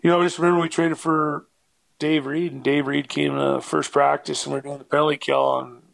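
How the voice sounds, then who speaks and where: A man's voice: fairly high pitch, level tone, a little fast, creaky, no room sound. A man, a former hockey player, telling rambling stories in a casual interview, full of fillers and acted-out quotes.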